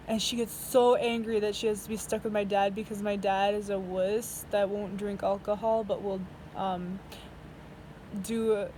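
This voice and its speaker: A woman's voice: medium pitch, darkish tone, rough recording. Vlogger in her twenties, rambling and casual, faint background noise. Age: 20s. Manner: rambling, chatty, laughs often, swears casually. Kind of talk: casual storytelling.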